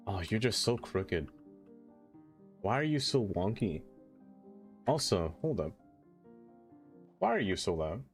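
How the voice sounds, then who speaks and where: While streaming a city-building game, a man with a lowish voice chats playfully with viewers and teases them. He talks slowly, with big pitch swings and frequent pauses, over soft background music.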